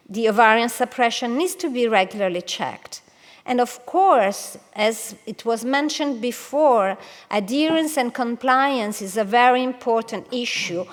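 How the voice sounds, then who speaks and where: A woman oncologist giving a conference lecture to colleagues, careful and hesitant, with frequent pauses and restarts. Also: a little high. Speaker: oncologist presenting at a medical congress. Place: large congress hall. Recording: long hall reverb.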